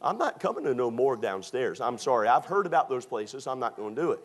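A man's voice: mid-range voice, very animated, quick pace. A man, preaching a sermon in a folksy, humorous way, acting out the dialogue of his stories. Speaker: pastor. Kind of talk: storytelling sermon.

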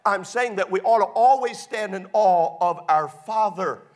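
A middle-aged male pastor preaching a sermon, animated and emphatic at times, folksy and humorous when he tells stories. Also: high-pitched, measured pace.

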